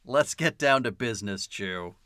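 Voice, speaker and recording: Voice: medium pitch, expressive, bright, forceful tone, dry recording, clean studio sound. A podcast co-host who mostly laughs and drops in amused, brief remarks. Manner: laughing, slow, amused interjections. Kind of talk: casual movie review chat.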